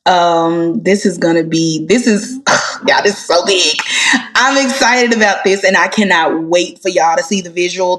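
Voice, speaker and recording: A woman, a gospel singer, chatting as a guest and telling heartfelt stories with animated delivery. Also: lowish voice. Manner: animated, heartfelt storyteller, addresses listeners as y'all. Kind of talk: casual interview chat.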